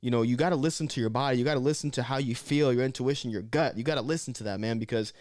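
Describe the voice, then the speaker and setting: A young man from Southern California talking casually to camera, animated and slangy, often saying man and bro. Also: mid-range voice, racing. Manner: animated, slips into mocking voices. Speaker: vlogger.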